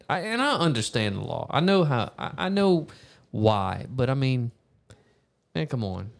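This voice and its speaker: A man co-hosting a casual podcast, talking in a chatty, animated way and laughing easily. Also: mid-range voice, normal speed, vocal fry. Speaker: podcast co-host. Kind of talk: casual chat.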